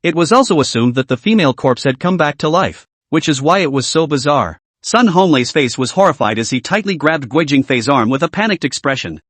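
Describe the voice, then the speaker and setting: A man's voice: a little high, lively intonation, a little fast, hardly any pauses, fairly bright tone, no room sound. A man narrating a manhwa recap in a dramatic storytelling manner.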